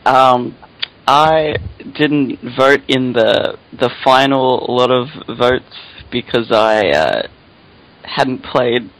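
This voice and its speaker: Man, podcast co-host, hesitant, casual chat, mid-pitched voice. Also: very slow, a bit bright, low-quality recording.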